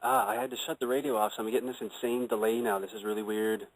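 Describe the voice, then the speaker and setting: Man, mid pitch, amused caller, casual chat. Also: expressive, quick pace, gravelly, rough recording.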